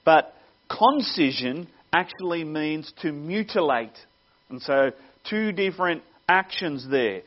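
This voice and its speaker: Male preacher, earnest teaching tone, slightly high pitch, muffled lo-fi sound. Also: expressive, takes it slowly. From Australia. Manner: earnest teaching with wry laughs. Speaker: pastor. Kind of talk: sermon. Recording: dull lo-fi sound.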